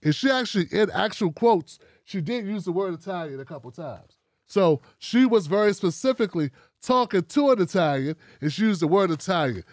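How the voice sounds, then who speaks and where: A man's voice: high voice, a little fast, no echo, clean studio sound. A man hosting his own commentary show, talking bluntly and casually with plenty of profanity before taking phone calls. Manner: blunt, profane and animated, talking straight at the audience. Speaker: show host.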